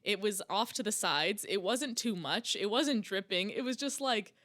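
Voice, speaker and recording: Podcast co-host, young adult female, animated pitch, casual and enthusiastic. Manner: enthusiastic, quick agreeing responses. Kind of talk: casual chat.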